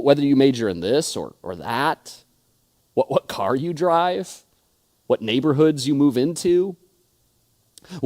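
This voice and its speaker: A man's voice: fairly high pitch, a little mellow. A male pastor in his thirties preaching a sermon, telling stories and often stuttering and repeating words. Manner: frequent stutters and word repeats; storytelling, acting out quoted friends.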